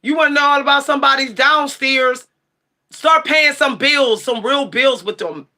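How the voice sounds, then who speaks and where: Sassy, heated woman livestreamer, bright high voice. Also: moderate pace. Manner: sassy, blunt, profane, shouts at times. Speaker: livestream tarot channel host. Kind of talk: heated livestream rant answering chat.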